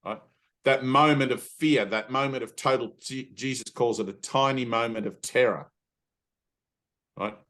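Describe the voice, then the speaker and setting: A middle-aged man gives an informal spiritual talk to a small group of students, in a voice of ordinary middle pitch for a man. He speaks emphatically and bluntly, swears now and then, and acts out inner voices as he teaches. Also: unhurried, a bit bright.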